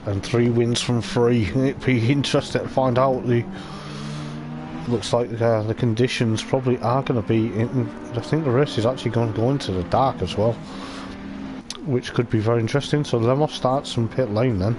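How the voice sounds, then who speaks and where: A man's voice: mid-range voice, fairly even intonation, normal speed. A man giving chatty, meandering live commentary on an online racing league event. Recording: clear racing game engine noise behind the voice. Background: race car engine sounds from the game.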